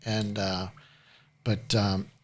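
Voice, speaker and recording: A male podcast host asking questions in a relaxed way and giving short affirmations. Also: lowish voice, drawn-out words. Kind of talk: casual interview.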